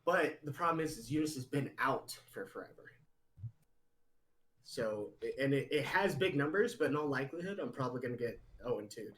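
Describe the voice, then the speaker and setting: A man of average pitch chats casually on a live gaming podcast. He rambles through his stories with restarts and fillers, teasing his co-host and breaking into laughter. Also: lively intonation, fairly quick, fairly bright tone, poor audio. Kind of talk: casual chat. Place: studio or home room, live podcast.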